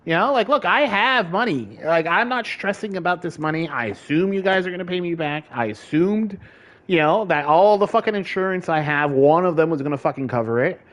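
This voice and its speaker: A man's voice: high voice, animated, a little fast, fairly bright tone. A man in a casual vlog, venting in an exasperated, profane way and laughing often as he talks. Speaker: vlogger. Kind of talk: casual ranting chat.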